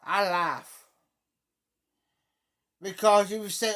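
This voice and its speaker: Middle-aged host, slow unhurried talk, mid-pitched voice, repeats lines, loud acted-out quotes. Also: fairly even intonation. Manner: repeats phrases, acts out quoted speech loudly. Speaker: livestream host. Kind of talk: casual storytelling on a livestream.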